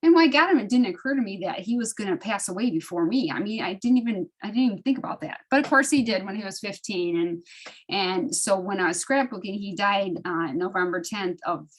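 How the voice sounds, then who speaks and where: Animated middle-aged woman sharing stories. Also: medium pitch, fairly quick. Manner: animated, emotional storytelling with frequent restarts. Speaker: study group member. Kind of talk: casual personal sharing. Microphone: video call.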